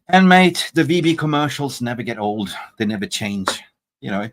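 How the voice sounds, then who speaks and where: A man hosting a live fan stream in a loose, joking way, now and then swearing. He reads out viewer comments and riffs on them in casual chat, at a middle pitch for a man. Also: animated, moderate pace. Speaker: fan channel livestream host.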